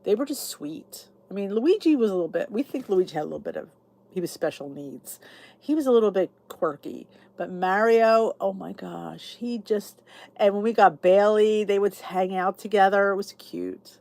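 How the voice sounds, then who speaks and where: A woman's voice: mid-range voice, moderate pace, vocal fry, mellow. A woman hosting her own channel, chatting casually with viewers and answering their comments. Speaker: YouTube channel host. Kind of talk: casual live chat with viewers.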